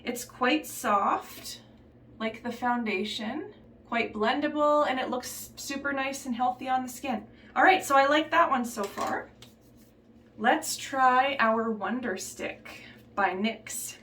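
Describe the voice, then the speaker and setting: A woman chatting casually through a makeup tutorial in a relaxed, offhand way, slipping into a put-on Southern belle accent. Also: high-pitched, takes it slowly, reverberant, recorded from a distance, slight background noise. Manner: relaxed, chatty, trailing off and restarting while applying makeup. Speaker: beauty vlogger.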